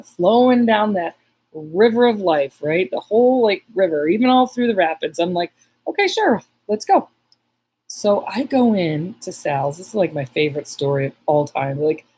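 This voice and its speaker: A husky, slightly low-voiced woman chats on a live stream as a psychic medium. She rambles through her story with many restarts and stops to read viewers' comments aloud. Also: mellow, poor audio.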